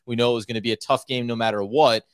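A man's voice: medium pitch, fairly even intonation, racing, smooth, no echo. A man hosting a sports podcast in loose, joking chat. He hams up his introductions with a mock-grand flourish, and the sound is close and dry. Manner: playful, mock-grandiose banter. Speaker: podcast co-host.

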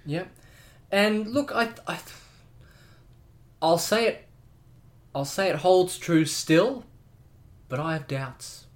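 Theatrical podcast host with a lively voice. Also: male voice, high-pitched, takes it slowly, long pauses. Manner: theatrical, building a mock-dramatic story. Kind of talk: casual chat with comic storytelling.

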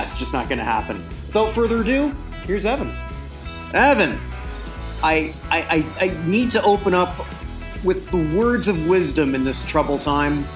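Chatty male sports podcast host. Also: a little high. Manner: rambling, repeats words, chuckles. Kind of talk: casual sports podcast chat.

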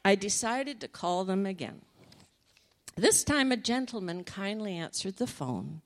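A woman sharing a personal faith testimony in an animated storytelling manner, laughing often. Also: medium pitch, unhurried.

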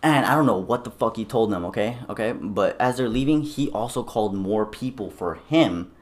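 A young man telling stories in casual chat, swearing often and animated. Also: lowish voice, normal speed. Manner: profane, animated storytelling. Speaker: storyteller.

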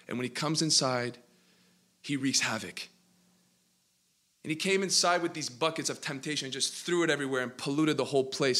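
Bright-voiced preacher telling a dramatic parable. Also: male voice, mid-range voice. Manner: dramatic, building narration with sudden bursts. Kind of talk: sermon storytelling.

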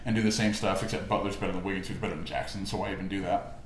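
A man's voice: low-pitched, little pitch movement, very fast, roomy sound, a little hiss or hum. A young man hosting a casual sports podcast, chatty and opinionated, often laughing as he talks. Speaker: podcast host. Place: room, walking around.

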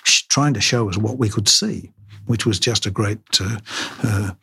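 An older surgeon speaks in an interview, his voice low and a little husky. He talks haltingly, filling gaps with "uh" and "um" and restarting his sentences as he recalls his work. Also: fairly bright tone. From Australia. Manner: halting, many fillers and restarts. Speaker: craniofacial surgeon.

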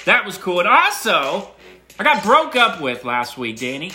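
A middle-aged man talks in a loose, rambling voice message, with a swinging, lively pitch. His voice is bright and forceful, and he hammers on repeated words. Faint music plays underneath. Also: a little slow. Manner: animated and emphatic, with repeated words. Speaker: listener sending a voice message. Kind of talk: casual rambling monologue.

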